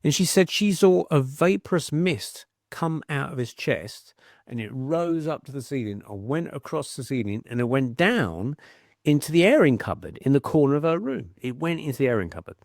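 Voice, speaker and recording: A middle-aged British man, a podcast guest, telling a story in a lively, conversational way, with frequent restarts. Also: mid-range voice, normal speed, gravelly, dry recording, studio quality. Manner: animated storyteller, acts out quoted voices, frequent restarts.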